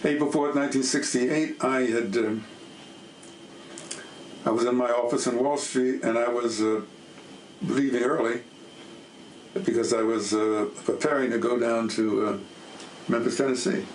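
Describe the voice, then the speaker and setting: A man's voice: mid-range voice, fairly even intonation, unhurried, long pauses. An older man hesitantly recounting where he was on a past day, with fillers. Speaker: interviewee. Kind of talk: recounting a memory. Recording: echoey room, faint noise.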